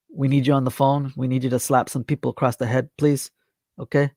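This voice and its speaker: A worked-up man hosts his own talk show and reads news clippings aloud between scolding asides. His voice is gravelly and mellow, and it sits in a dry room with no echo. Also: medium pitch, level tone, brisk. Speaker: host of an online talk show. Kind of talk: ranting commentary while reading news articles aloud.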